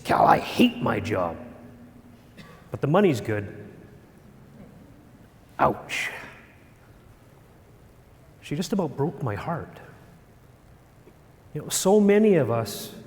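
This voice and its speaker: A middle-aged man giving a storytelling talk on stage, animated and self-deprecating. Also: on the high side. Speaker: speaker. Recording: long hall reverb.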